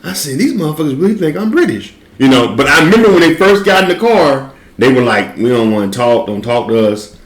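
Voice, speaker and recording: A man in casual chat, telling a story in a relaxed, profane way with frequent laughs. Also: medium pitch, a little fast, roomy sound, low-quality recording. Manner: laid-back, profane, laughs while telling stories.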